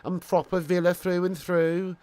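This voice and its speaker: A man's voice: high-pitched, level tone, normal speed, mellow, clean tone, no room sound, pitched above the performer's own voice, lightly acted. A man imitating a broad Brummie footballer. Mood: boastful. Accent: Birmingham. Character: male footballer impression, broad Brummie lad.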